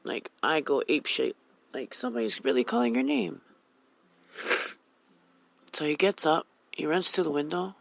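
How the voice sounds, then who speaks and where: A woman's voice: deep voice, big pitch swings, moderate pace, vocal fry, long pauses, dry recording, rough recording. A woman from Hawaii, a mother, telling her own life story on the radio in a candid, emotional way. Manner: candid, emotional, retells conversations.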